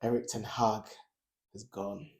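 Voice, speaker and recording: A young man hosting a casual football podcast, animated and laughing often as he talks. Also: on the low side, measured pace, a little hiss or hum. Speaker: podcast host.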